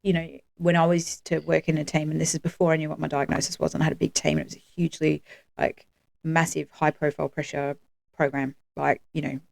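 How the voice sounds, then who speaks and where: A woman's voice: deep voice, little pitch movement, fast, gravelly, darkish tone, no room sound. A woman co-hosting a podcast, chatting casually with lots of fillers and easy laughter. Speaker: podcast co-host. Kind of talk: casual chat.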